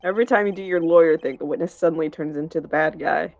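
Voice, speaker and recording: A woman's voice: low voice, fast talker, creaky, a little mellow. A woman reading the part of a timid, anxious male action-star witness in a game, in a nervous, pleading manner. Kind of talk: reading game dialogue on stream.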